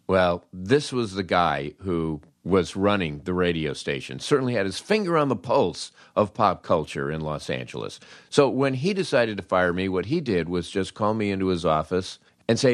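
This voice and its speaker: A man's voice: sits low, very animated, moderate pace, few pauses, dry recording, clean studio sound. An older American man telling radio career stories in a wry, sardonic way, acting out the people he quotes. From United States. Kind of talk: casual storytelling monologue.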